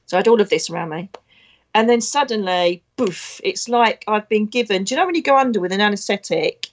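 A woman's voice: medium pitch, animated, fairly quick. Blunt, chatty woman. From Britain. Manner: blunt, chatty, emotional storyteller. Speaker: psychic medium. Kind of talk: casual spiritual talk.

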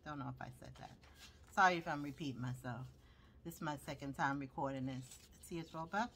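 A woman's voice: low voice, a little fast, fairly bright tone, slight background noise. A woman with a Brooklyn accent showing her handmade journals, chatting casually and rambling with lots of fillers. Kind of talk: casual show-and-tell.

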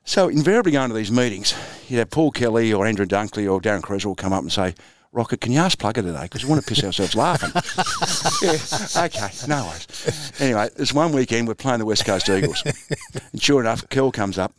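In a storytelling interview, an Australian ex-footballer and coach in his sixties shares anecdotes in a laid-back way, chuckling often. His voice is medium in pitch with huge swings and a slightly fast pace.

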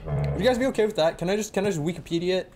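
With game music playing behind him, a man plays a horror game and jokes to his viewers, jumping and exclaiming as he goes. His voice sits high and sounds creaky, with lively intonation and a very fast delivery.

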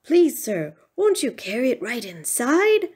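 A woman voicing a fussy, excitable old gentleman in a read-aloud storybook, full of exclamations. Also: a little high, unhurried, breathy edge, heavily acted. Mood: excited.

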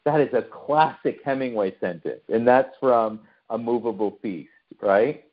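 A man's voice: medium pitch, unhurried, muffled recording. A man from the United States giving a conversational online talk to a remote audience, often posing questions to his listeners. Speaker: lecturer.

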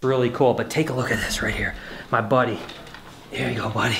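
A middle-aged man talking casually to camera as a vlogger host, chatty and excitable, calling his viewers guys. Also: mid-range voice, moderate pace, gravelly, pauses often, noisy background. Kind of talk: casual vlog talk to camera.

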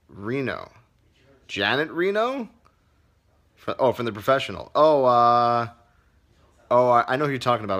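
A man's voice: fairly low pitch, fairly bright tone. A man who teaches comedy, hosting a casual livestream Q&A, reading viewer comments aloud in a loose, profane way.

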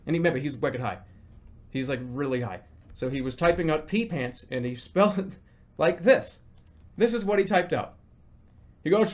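A man's voice: a little high, animated, moderate pace, pauses often. A man streaming a game, telling a story casually, swearing freely and acting out both sides of a conversation. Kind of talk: casual storytelling while gaming.

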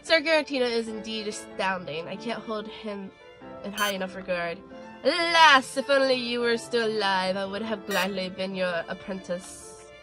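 Woman doing a pompous, theatrical gallery snob, mid-pitched, game music underneath. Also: moderate pace, close to an everyday voice. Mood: gushing. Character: pompous gallery visitor gushing over a dead artist.

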